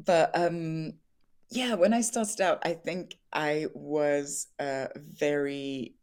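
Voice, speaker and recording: A woman's voice: low-pitched, steady tone, slow, a little mellow. A young woman, an actress, talking candidly in an interview, chatty, laughing often and full of fillers and restarts.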